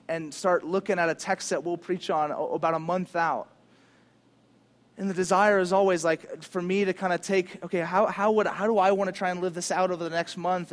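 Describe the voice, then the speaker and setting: A male pastor preaching a sermon in an animated, casual, conversational way, using slang. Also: high voice.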